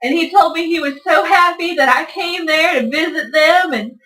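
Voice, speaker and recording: A woman who is an excitable fan, gushing about meeting her favorite creators. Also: very high voice, moderate pace, recorded from a distance. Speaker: excited fan, co-host's partner. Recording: echoey room, a bit off mic.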